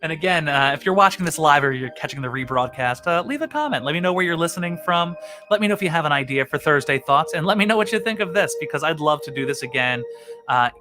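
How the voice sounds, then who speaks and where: A man chats to his live-stream viewers in a relaxed, rambling way, often pausing on "uh". His voice sits a little high and rings bright. Faint music plays underneath. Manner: chatty, frequent "uh" fillers, relaxed. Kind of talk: casual live-stream chat.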